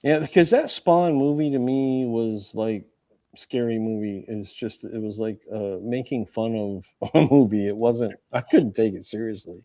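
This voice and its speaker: A man's voice: mid-range voice, moderate pace, dark tone. A man with a mid-range voice, bantering casually on a live stream. He teases his co-host and jokes his way through film talk. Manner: playful teasing, jokey. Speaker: podcast co-host. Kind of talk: casual chat.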